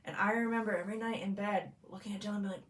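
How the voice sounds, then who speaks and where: A woman co-hosting a podcast who talks in a candid, chatty way and tells stories in an animated way. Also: medium pitch, rapid-fire. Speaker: podcast co-host. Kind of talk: casual chat.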